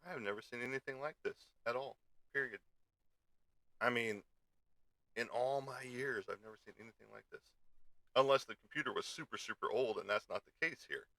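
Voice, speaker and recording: A man's voice: mid-range voice, fairly quick, vocal fry, long pauses, pushed and bright, no echo. A man hosting a casual live stream, grumbling and swearing in frustration at his misbehaving computer. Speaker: show host.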